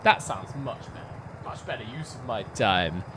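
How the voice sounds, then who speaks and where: Against a noisy background, a young man with a voice on the low side talks animatedly at normal speed. He's live-streaming a racing game from home on a headset mic, rambling casually, poking fun at himself and slipping in giggly asides.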